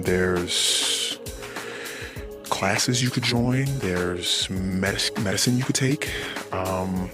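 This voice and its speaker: A man recording a personal diary monologue, ranting bluntly and profanely with exasperation. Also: sits low. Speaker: anonymous podcast diarist.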